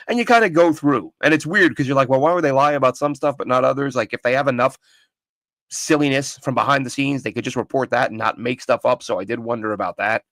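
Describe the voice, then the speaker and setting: A man's voice: fairly high pitch, fairly quick, a bit bright, no room sound. A man hosting a casual sports talk show from home, opinionated and rambling, with frequent restarts. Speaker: podcast host. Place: home studio with his dog nearby.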